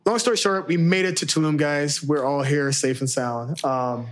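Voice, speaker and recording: Man, podcast co-host, slightly high voice, profane and animated. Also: normal speed. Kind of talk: casual chat.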